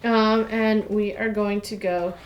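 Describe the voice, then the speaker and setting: A woman's voice: medium pitch, steady tone, slow, lo-fi sound, slight background noise. A woman playing a board game, casually explaining the rules and counting out her moves. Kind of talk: casual tabletop gameplay talk. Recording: roomy echoey room.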